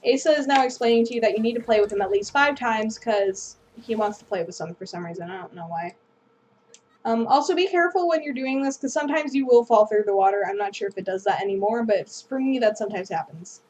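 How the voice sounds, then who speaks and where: A woman's voice: fairly high pitch, quick pace, darkish tone, slight background noise. A woman hosting a gameplay video, rambling through casual commentary and apologizing self-deprecatingly. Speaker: gaming video host.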